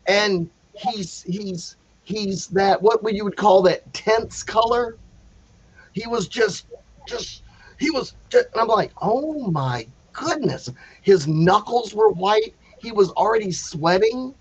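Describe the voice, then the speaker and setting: A man telling a story in a casual, animated way, acting out the quotes with many restarts. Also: high-pitched, takes it slowly, highs cut off, slight background noise. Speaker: panel guest telling a story.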